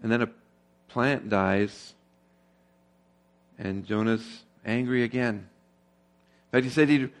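A man's voice: mid-range voice, steady tone, slow, pauses often. A man preaching a sermon in a conversational tone. He asks the congregation rhetorical questions and grows more emphatic as he drives home a point. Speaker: pastor.

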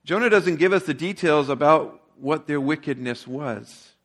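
Guy pastor telling a story in a sermon, chatty and easy, kinda high voice. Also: moderate pace, fairly bright tone. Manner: conversational storytelling.

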